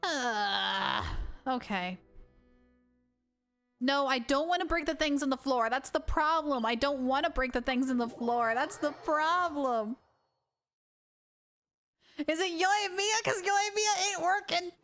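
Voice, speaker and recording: A woman's voice: sits high, a little slow, fairly bright tone, soft background music. A woman streaming a game live, chatting to viewers, exasperated and self-mocking, laughing often.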